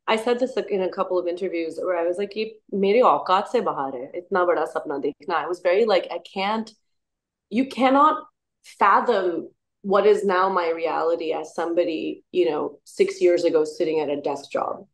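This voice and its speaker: Woman, 30s, interview guest, enthusiastic, laughs a lot, low-ish voice. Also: normal speed. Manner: enthusiastic, laughs often, restarts. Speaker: musician and actor, interview guest. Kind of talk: casual interview chat.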